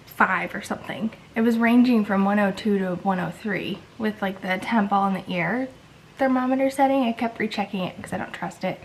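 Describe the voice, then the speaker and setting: A woman's voice: medium pitch, creaky, slight background noise, poor audio. A sick woman with a congested voice, chatting casually and rambling through a home vlog. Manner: tired, rambling, many likes and restarts. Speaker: vlogger.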